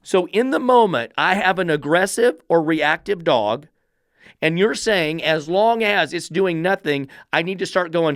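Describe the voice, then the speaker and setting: A man's voice: lively intonation, a little slow, fairly bright tone, dry recording, studio quality. A man hosting a dog-training podcast, blunt, combative and profane in his commentary. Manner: blunt, combative and profane, mocking falsetto baby talk.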